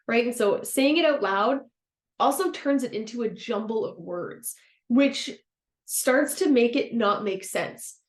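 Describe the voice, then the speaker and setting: A woman hosting a self-help podcast, a former counselor talking in a gentle, encouraging way and laughing easily. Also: fairly high pitch, animated, unhurried. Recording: roomy echo.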